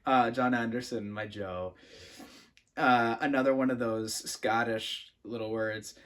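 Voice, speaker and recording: A man's voice: medium pitch, a little slow. Easygoing man hosting a poetry reading. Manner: relaxed, thinking aloud with fillers and restarts. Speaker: poetry channel host. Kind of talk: casual poetry reading and explanation.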